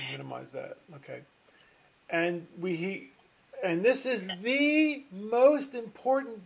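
A middle-aged man teaching a finance class online over a video call, chatty and rambling, often stopping and restarting with fillers. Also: high voice. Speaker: finance professor. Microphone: computer mic on a video call.

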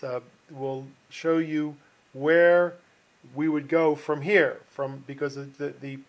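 A middle-aged man teaching a finance class online, rambling and folksy, with many restarts and fillers. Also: fairly high pitch. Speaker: finance instructor.

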